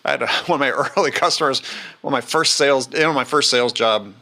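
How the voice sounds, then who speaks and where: A man's voice: mid-range voice, quick pace, creaky, bright, forceful tone. A man hosting a sales podcast, talking emphatically in a conversational interview and often repeating words as he starts a point. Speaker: podcast host.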